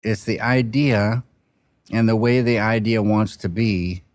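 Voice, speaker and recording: A film director speaking reflectively in an interview, halting and soft-spoken, with frequent restarts and trailing pauses. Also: male voice, on the low side, no room sound.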